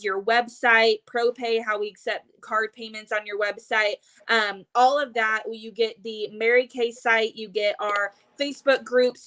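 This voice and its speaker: A woman hosting a live stream, brisk and upbeat as she explains offers. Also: a little high, a bit bright. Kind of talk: live stream sales talk.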